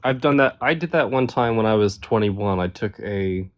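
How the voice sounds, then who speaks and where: A laid-back male caller on a live stream, talking loosely and quick to laugh. His voice sits a little low. He sounds easy and unhurried, like he is just dropping in to say hi. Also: highs cut off. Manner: relaxed and chatty, laughs easily. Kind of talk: casual chat.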